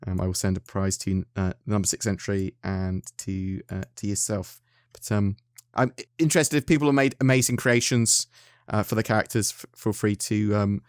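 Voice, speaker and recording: A man's voice: on the low side, fairly even intonation, normal speed, darkish tone, no echo, studio quality. An English man hosting a gaming channel, chatting casually and self-deprecatingly to his viewers with frequent restarts. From England. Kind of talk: casual video chat to viewers.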